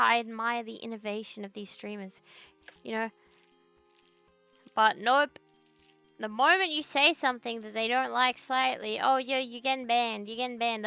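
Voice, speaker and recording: Young woman, VTuber streamer at her desk; rambling profane rants, smooth voice with some fry. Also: fairly high pitch, bright, forceful tone, no echo. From Australia. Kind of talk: casual livestream chat. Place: home computer desk.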